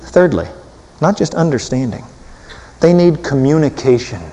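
A man preaching a sermon in an animated, humorous way, swinging from loud bursts to soft asides. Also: a little high, normal speed. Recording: long hall reverb.

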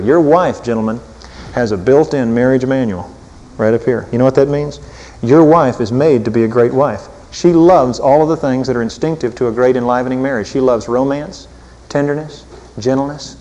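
A man preaching a sermon in an animated, humorous way, swinging from loud bursts to soft asides. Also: medium pitch. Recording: long hall reverb.

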